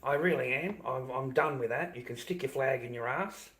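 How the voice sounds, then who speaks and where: A man's voice: mid-range voice, normal speed, fairly bright tone. Aussie bloke going off on his stream, heated and sweary, keeps saying the same thing twice. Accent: Australian. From Australia. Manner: heated, swears constantly, repeats himself. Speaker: live streamer. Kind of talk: angry profane rant.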